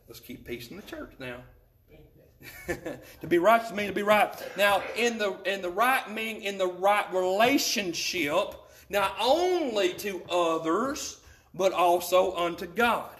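Man, pastor, high voice, church sermon, slow deliberate scripture reading, repeats phrases. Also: a bit bright.

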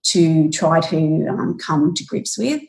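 A woman in her forties, a podcast guest, retelling a painful personal story in a halting, emotional way with many restarts, raising her voice when she acts out what people said. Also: low-pitched, big pitch swings, gravelly, a little mellow. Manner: acts out quoted lines in a raised voice.

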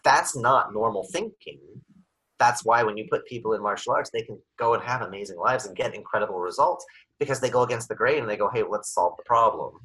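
A man talking as a podcast guest, animated, acting out little scenes with sudden bursts. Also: mid-range voice, fast talker, breathy edge, rough recording. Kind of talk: podcast conversation.

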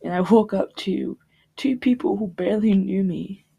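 Gravelly-voiced young woman recounting a loss. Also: mid-range voice, warm tone. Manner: halting and reflective, with pauses and restarts. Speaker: podcast guest. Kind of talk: personal storytelling about grief.

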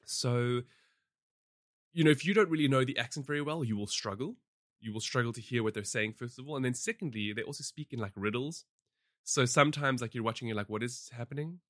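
A man hosts a film podcast, chatting casually and rambling with lots of fillers and frequent laughter. His medium-pitched voice moves briskly, captured in studio quality with no echo.

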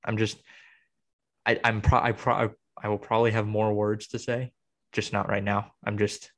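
A man's voice: on the low side, little pitch movement, normal speed, a bit bright. A young man co-hosting a podcast, venting in a rambling, exasperated way with many restarts. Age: young adult. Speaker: podcast co-host. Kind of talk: casual chat.

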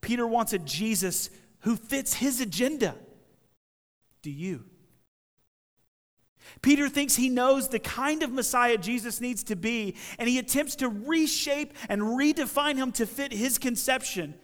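Animated high-voiced man preaching. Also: a little slow, big-room sound. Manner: animated, acts out the people in the story with shifting voices. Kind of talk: sermon.

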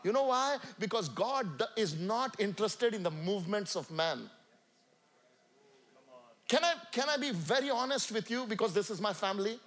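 A man with an Indian accent preaching a sermon to a church congregation, swinging from loud calls to quiet asides. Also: sits high, animated, moderate pace. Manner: emphatic, rising and falling between loud calls and quiet asides. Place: church sanctuary.

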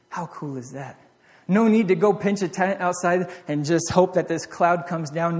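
The preacher's fairly high voice trails off into a long reverb as he delivers an earnest sermon. He shifts from loud exhortation to hushed reflection, often repeating and restarting lines.

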